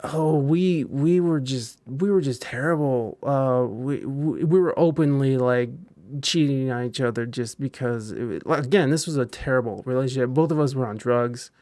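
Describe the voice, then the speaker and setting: A man with a gravelly, fry-edged voice hosting a relaxed podcast conversation. He talks in halting bursts, restarting sentences often. The sound is dry and close, with no room around it. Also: mid-range voice, no echo. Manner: halting, frequent restarts and fillers. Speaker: podcast host. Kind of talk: casual podcast chat.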